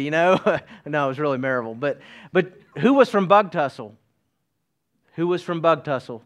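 A man's voice: on the high side, expressive, normal speed, a bit bright. A middle-aged man from East Tennessee, preaching a sermon in a folksy way with joking asides to the congregation. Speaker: pastor.

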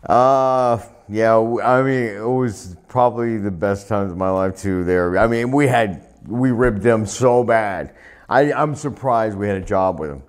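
A man with a fairly low voice tells wild stories, swearing constantly. He laughs his way through them. It sounds like a seated interview on a clip-on mic. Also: measured pace, clear, resonant tone. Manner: profane, laughing, animated anecdotes. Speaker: retired pro wrestler, interview guest. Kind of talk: storytelling shoot interview.

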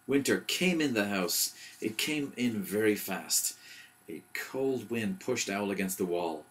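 A man reading a bedtime story aloud in a gentle, even storyteller manner. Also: fairly low pitch, measured pace, a little hiss or hum.

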